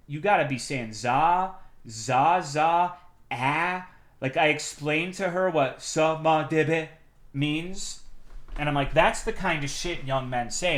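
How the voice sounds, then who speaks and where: A young man in the middle of his own range tells a story on his stream, swearing freely. He keeps it casual and chatty, then bursts into loud, heated rants. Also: mid-range voice. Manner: animated, profane storytelling with sudden loud outbursts.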